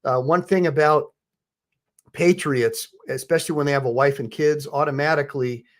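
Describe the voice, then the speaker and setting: A man's voice: a little high, fairly even intonation, moderate pace. Chatty man hosting a live stream. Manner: rambling, chatty, many fillers and restarts. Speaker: host, attorney.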